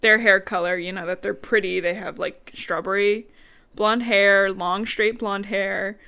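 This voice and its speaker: A woman co-host in an easygoing podcast chat, telling a story in a relaxed, mid-range voice. She throws in blunt, sarcastic remarks as she goes. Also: medium pitch, unhurried, creaky, smooth. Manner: chatty, blunt sarcastic asides. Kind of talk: casual book-recap chat.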